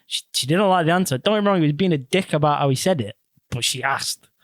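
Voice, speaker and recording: A young man chatting on a podcast and retelling a story with lots of swearing and acted-out quotes. His voice sits a little high for a man, and it sounds dry and close to the mic. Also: quick pace, dry recording. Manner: animated storytelling, swears a lot, acts out quotes. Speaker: podcast host. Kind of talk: casual chat.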